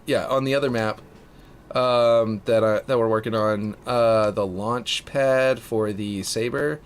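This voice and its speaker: Laid-back man with a Louisiana accent. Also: mid-range voice. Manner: rambling, lots of fillers, laid-back. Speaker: livestreamer building game maps. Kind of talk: casual livestream chat while building.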